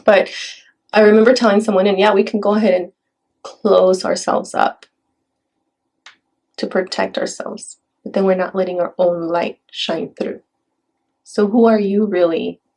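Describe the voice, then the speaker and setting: A woman who works as a spiritual healer, a guest on a casual podcast. She talks earnestly in quick bursts and laughs often. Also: mid-range voice, a little mellow.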